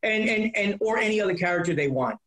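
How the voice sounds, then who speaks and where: A man with a fairly high voice chatting casually as an interview guest. He rambles, doubling back and repeating words as he goes. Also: expressive, quick pace, fairly bright tone, rough recording. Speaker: guest, prank-call comedian.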